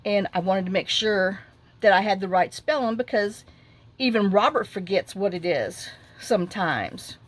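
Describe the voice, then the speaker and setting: A middle-aged woman, chatting casually as she crafts at her desk at home and rambling through a lively story with lots of asides. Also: medium pitch, normal speed. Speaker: crafting vlogger.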